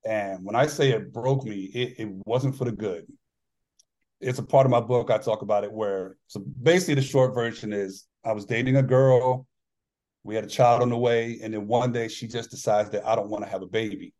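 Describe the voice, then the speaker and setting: A man's voice: lowish voice, fairly even intonation, fairly quick, darkish tone. A man guest on a podcast, candidly telling a personal story in an earnest, reflective way. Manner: earnest, reflective, acts out dialogue in his stories. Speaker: podcast guest, author and former athlete.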